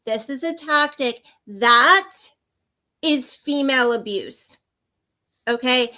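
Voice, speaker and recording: Bright-voiced, earnest female guest. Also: high-pitched, takes it slowly. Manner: earnest, restarts her sentences, often asks "right?". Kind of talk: casual live-stream chat.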